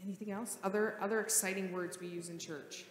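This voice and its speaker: A woman pastor speaks in a church sanctuary, her mid-range voice carried by long, roomy reverb. She reads scripture steadily, then turns lively and playful with the children gathered up front. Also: mid-range voice, brisk, slight background noise. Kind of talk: gospel reading and children's sermon.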